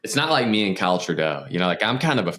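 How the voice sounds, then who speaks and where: A man's voice: low voice, big pitch swings, very fast, a bit bright. A man co-hosting a podcast in casual chat, rambling and self-deprecating. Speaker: podcast co-host.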